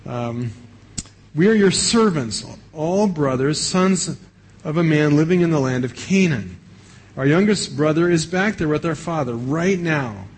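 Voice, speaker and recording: A man's voice: fairly high pitch, lively intonation, measured pace, husky, full character voice, rough recording. A man voicing a group of anxious grown brothers who plead their innocence, in a raised, pleading voice.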